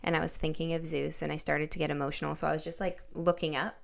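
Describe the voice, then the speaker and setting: Low, gravelly young woman chatting. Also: flat delivery, fast talker. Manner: chatty storytelling with many likes and you-knows. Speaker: podcast host. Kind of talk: casual conversational interview.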